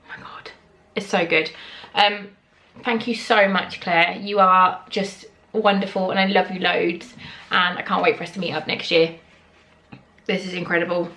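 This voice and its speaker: Gushing, bright-voiced British woman. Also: lowish voice, moderate pace. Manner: excitable, gasping and swearing often, squealing with delight. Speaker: vlogger. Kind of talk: casual unboxing vlog. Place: her kitchen at home.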